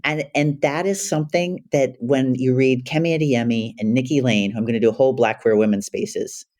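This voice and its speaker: A man hosts the podcast in a casual, chatty way. He speaks eagerly and bookishly, often in quick bursts of enthusiasm. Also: medium pitch, a little mellow. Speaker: podcast host. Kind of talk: casual interview chat.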